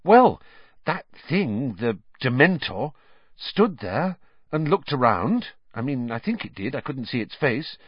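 A man's voice: medium pitch, sing-song, unhurried, slightly rough, no room sound, dull audio. A man voicing a nervous teenage schoolboy who fumbles his words.

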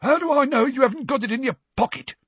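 A man voicing a wheezing, spiteful old male caretaker who talks in a shrill, hissing way. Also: quick pace, a bit bright, husky, no echo, full character voice. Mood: suspicious.

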